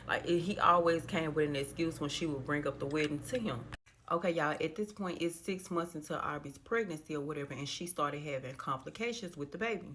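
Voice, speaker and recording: A woman's voice: low-pitched, a little fast, a bit bright, a little hiss or hum. A woman telling a long story in a casual, chatty way, talking straight to her listeners with lots of fillers. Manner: chatty, addresses listeners as y'all, many fillers.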